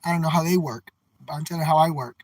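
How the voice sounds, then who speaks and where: A man with a fairly high-pitched voice, talking casually to his livestream viewers from a car. He rambles and repeats himself in an earnest, folksy, slangy way. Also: very fast, darkish tone, no room sound, low-quality recording. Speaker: live streamer. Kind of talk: casual livestream chat, reading out viewer comments. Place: in a car while driving.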